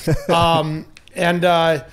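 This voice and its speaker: A man's voice: on the high side, completely flat delivery, drawn-out words. A man as a podcast guest, answering casually with many restarts and hesitations.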